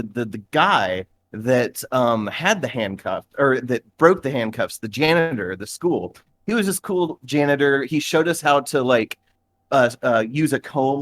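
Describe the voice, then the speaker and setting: A man co-hosting a podcast, telling a long story in casual chat, with lots of fillers and restarts. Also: mid-range voice. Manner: rambling, many fillers and restarts. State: shivering in a cooling bath. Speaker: podcast co-host.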